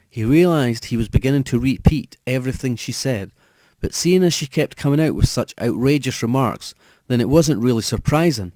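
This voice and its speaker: A man narrating a horror audiobook with measured, steady storytelling. His tone is mellow and warm, recorded close and dry with no room sound. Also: medium pitch, no echo. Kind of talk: scripted narration.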